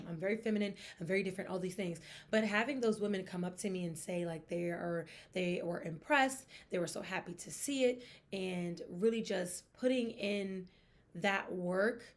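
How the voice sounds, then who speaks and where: A young woman hosting a sports podcast, talking in a chatty, expressive way with emphatic asides. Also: medium pitch, moderate pace. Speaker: podcast host. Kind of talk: casual sports gossip chat.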